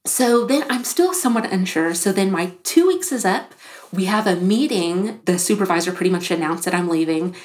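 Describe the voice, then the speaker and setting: A woman in her thirties, a podcast guest telling her own story in casual talk, animated, with frequent "like" fillers and acted-out quotes. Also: on the low side, moderate pace. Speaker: podcast guest, business founder.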